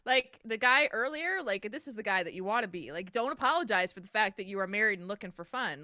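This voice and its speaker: A frank, chatty woman co-hosting a relaxed chat show, her bright voice rising and falling with lively swings in pitch. She gives her opinions bluntly and laughs easily. The sound is dry and close to the mic. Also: brisk, hardly any pauses, no echo. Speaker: podcast co-host. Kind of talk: casual chat.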